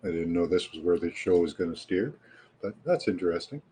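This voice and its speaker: A man with a Canadian accent, hosting a live stream in a relaxed, rambling way and chatting casually with viewers. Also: low voice, a little fast, breathy edge, poor audio. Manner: relaxed and rambling, with frequent fillers. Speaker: livestream host.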